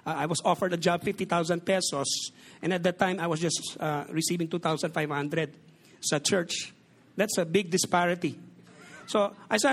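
A man's voice: sits high, normal speed, gravelly, fairly bright tone. A man in his forties with a Filipino accent, preaching a sermon as a pastor and joking as he mixes Tagalog and English.

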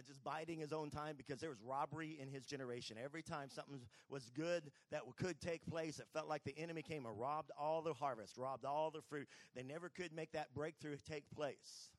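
Guy preaching, acts out the bible characters, slightly high voice, dry close sound. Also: fairly quick, no echo. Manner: animated storytelling, acting out Bible characters. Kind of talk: sermon.

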